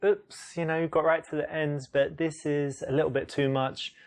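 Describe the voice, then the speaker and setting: A man playing a dating coach in a video game, giving calm, lecturing advice. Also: fairly high pitch, normal speed, natural voice. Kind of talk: scripted instructional game narration.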